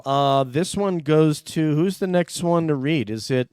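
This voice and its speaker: Man hosting a livestream, smooth clear voice, dry close sound, chatty and jokey. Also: on the high side, a little slow, no echo. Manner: chatty, jokey, thanks viewers warmly. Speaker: host reading super chats. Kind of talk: casual livestream chat.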